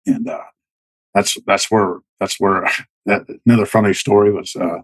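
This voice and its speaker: Low-voiced middle-aged man telling war stories. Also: steady tone, normal speed, no echo, rough recording. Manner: rambling, many restarts and fillers. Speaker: podcast guest, military veteran. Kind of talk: casual storytelling.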